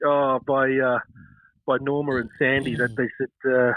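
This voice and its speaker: An Australian man in his fifties, a former cricketer recounting stories at a relaxed, rambling pace. His pitch sits in the middle range. The sound is thin and phone-like, with a dry, roomless quality. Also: unhurried, no echo. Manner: rambling, many fillers, chuckles while telling stories. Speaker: former cricketer, podcast guest. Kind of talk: casual interview storytelling.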